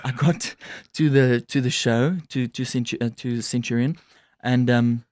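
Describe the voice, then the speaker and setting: A man's voice: medium pitch, fairly even intonation, measured pace, a little mellow, no echo, clean studio sound. A man, a musician guest telling stories in casual interview chat and switching between languages.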